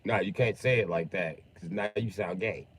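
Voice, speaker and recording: Husky profane gaming streamer man. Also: sits low, normal speed, a bit bright. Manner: profane, joking rambling storyteller. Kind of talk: casual gaming livestream chat.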